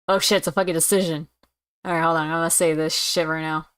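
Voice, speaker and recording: A woman's voice: low-pitched, little pitch movement, fast, fairly bright tone, smooth, no echo. A young woman streaming a game, reading its lines aloud and commenting casually with plenty of swearing.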